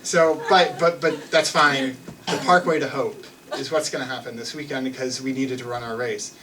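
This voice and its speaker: A man's voice: mid-range voice, fairly even intonation, normal speed, distant mic, background noise. A young man telling a personal story on stage in a loose, self-mocking way, full of restarts and fillers. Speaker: live storyteller. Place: theater stage with an audience.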